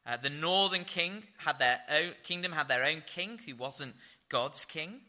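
Male preacher, very bright voice pitched a little high, steady expository sermon. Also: a little slow. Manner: expository Bible teaching with fillers.

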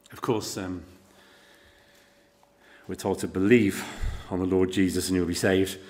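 A middle-aged man preaching a sermon, telling the story dramatically, with rhetorical questions to the congregation and shifts between loud emphasis and quiet intensity. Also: low voice, little pitch movement, a little slow.

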